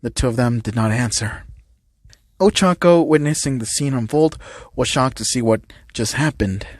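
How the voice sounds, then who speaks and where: A man's voice: medium pitch, moderate pace, dry recording, studio quality. A man narrating a fan-made comic dub in a plain storytelling manner. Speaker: narrator and voice actor.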